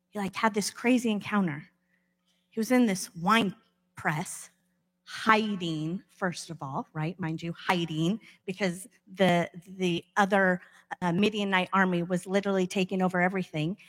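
A woman's voice: mid-range voice, fairly bright tone. Casual woman preacher in an echoing hall. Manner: casual, conversational, acts out bible figures. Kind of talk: sermon. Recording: long echo of a large hall.

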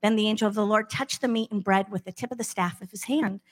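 A woman's voice: mid-range voice, steady tone, quick pace. A woman preaching a sermon in a casual, conversational way, retelling bible stories with acted voices. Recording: long echo of a large hall.

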